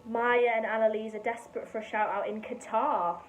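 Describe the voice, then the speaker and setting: A woman's voice: on the high side, steady tone, fairly quick, over loud music. A friendly woman co-hosting a live painting lesson, reading out viewer messages and handling the camera. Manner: friendly, practical, runs the camera and chat. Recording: echoey room with faint noise.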